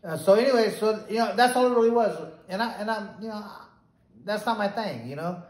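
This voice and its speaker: A man in his sixties, a retired boxer, telling stories in a casual, animated way and acting out the voices of the people he quotes. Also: high voice, fairly quick. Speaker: retired boxer, podcast guest. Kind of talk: casual storytelling. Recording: roomy echo.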